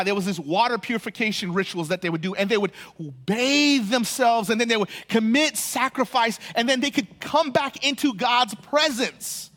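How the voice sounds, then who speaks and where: High-voiced animated male pastor preaching. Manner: animated, repeats words, quick bursts and slow emphatic phrases. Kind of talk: sermon.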